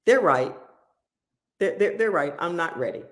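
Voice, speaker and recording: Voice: medium pitch, lively intonation, unhurried, fairly bright tone. A pastor telling a story in a sermon, impassioned and repeating key phrases for emphasis.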